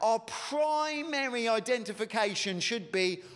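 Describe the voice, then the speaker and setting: A man delivers a sermon in an earnest, conversational way, pressing his listeners with question after question. His voice sits high and swings widely up and down. The sound carries a long reverb, like a church hall. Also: expressive, unhurried, fairly bright tone. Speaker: pastor.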